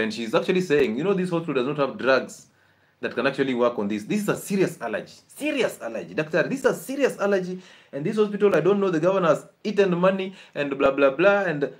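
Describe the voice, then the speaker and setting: A man giving a live health talk in an animated, preachy way, laughing often. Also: mid-range voice. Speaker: health educator.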